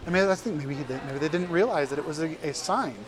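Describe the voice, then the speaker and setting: A man's voice: a little high, fast talker, background noise. A man preaching a casual sermon, retelling scripture in everyday, conversational language.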